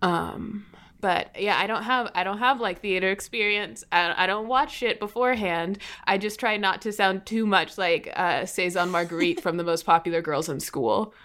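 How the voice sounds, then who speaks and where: A woman's voice: mid-range voice, moderate pace, few pauses, fairly bright tone. Offhand, frank woman player. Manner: offhand, frank, swears casually. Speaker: tabletop game podcast player. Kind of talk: casual chat.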